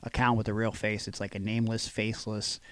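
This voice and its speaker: A man's voice: fairly low pitch, monotone, fast, a bit bright, clean tone. A man co-hosting a wrestling podcast, talking bluntly and profanely with plenty of fillers. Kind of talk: casual chat.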